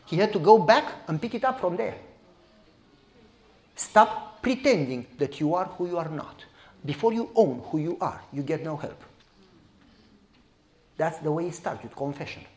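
Animated man preaching a dramatic sermon. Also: fairly high pitch. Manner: dramatic, swings between loud exclamations and hushed asides; acts out voices of people in the stories he tells.

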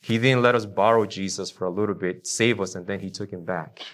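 A man preaching a sermon to a congregation, with emphatic swings between loud declarations and quiet low lines, and questions put to the listeners. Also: brisk. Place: church before a congregation.

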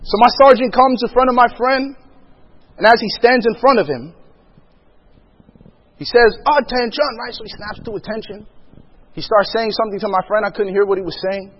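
A man with a notably high voice shares a personal testimony as a vivid storyteller, acting out other people's lines and laughing often. His voice rings with a long hall reverb, and the recording sounds dull and lo-fi. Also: normal speed, long pauses, slightly rough. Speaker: speaker sharing a personal testimony.

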